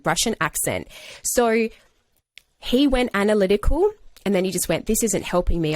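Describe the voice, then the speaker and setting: A woman, a working actor and coach, tells a story in a lower-pitched voice and slips into the voices of the people she quotes. The sound is close and dry, with no room heard behind her. Her speech is full of ordinary restarts and "like". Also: no echo. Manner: animated storyteller who acts out quotes. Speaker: actor and acting coach, podcast guest. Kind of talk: casual interview storytelling.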